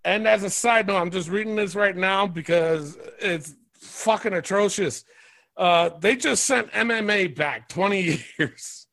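A man hosting a casual wrestling podcast over a remote call, talking in an animated, profane, playful way. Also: high voice, unhurried, vocal fry, dry recording. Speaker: podcast host.

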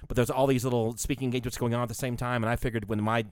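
A man telling a story in casual conversation, animated and a little profane, acting out his own thoughts. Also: medium pitch, rapid-fire, clean tone, dry recording, clean studio sound. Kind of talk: casual chat.

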